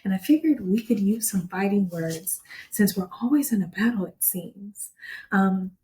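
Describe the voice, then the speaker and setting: A woman's voice: medium pitch, expressive, moderate pace, mellow. A woman hosting a faith radio show, encouraging her guest in a fervent, preacherly way before reading from a devotional. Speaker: radio ministry host. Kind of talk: encouraging ministry talk.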